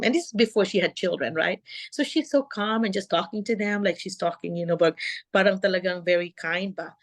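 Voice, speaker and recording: A middle-aged woman hosts a video call and gives calm, encouraging advice to teachers. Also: lowish voice. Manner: calm, encouraging, acts out classroom talk. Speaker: host and teacher coach.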